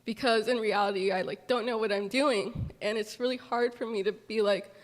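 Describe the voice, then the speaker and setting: A young woman from Southern California, a farm manager, speaking at a public gathering in a halting, tearful, apologetic way. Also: medium pitch, steady tone. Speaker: farm manager sharing a personal story. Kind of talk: emotional public testimony. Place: large hall at a community gathering. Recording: long hall reverb.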